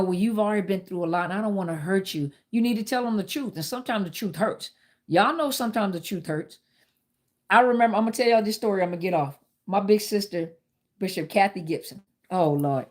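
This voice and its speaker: A middle-aged woman, hosting a live talk and telling a personal story candidly, speaking straight to her viewers. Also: lowish voice. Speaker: host.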